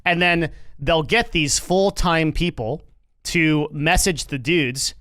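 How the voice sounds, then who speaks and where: A man's voice: a little high, slow pace, sharp tone, dry recording. A man streaming and reacting to news in casual commentary, rambling with lots of fillers, restarts and swearing.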